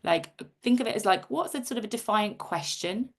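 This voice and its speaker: Middle-aged woman, gravelly fry, chatty self-interrupting host, video-call workshop. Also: mid-range voice, expressive, brisk. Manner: chatty, self-interrupting, reads out chat comments.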